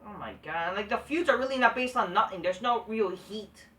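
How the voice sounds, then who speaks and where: Man ranting about wrestling, bright forceful voice, profane, off-mic, echoey room. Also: sits high, expressive, a little fast, distant mic, a little hiss or hum. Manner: profane, heated, frequent restarts. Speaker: wrestling show reviewer. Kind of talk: ranting review vlog.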